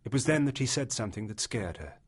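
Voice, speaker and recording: A man reads a classic short story aloud at a measured pace. His voice sits at an ordinary middle pitch. He tells the tale with steady care. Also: slightly rough. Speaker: audiobook narrator. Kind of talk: literary audiobook narration.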